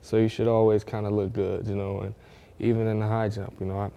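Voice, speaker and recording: Laid-back young man, low mellow voice. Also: level tone, fast talker, creaky, dull audio, slight background noise. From Northwest Ohio. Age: young adult. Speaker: athlete guest. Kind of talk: casual interview.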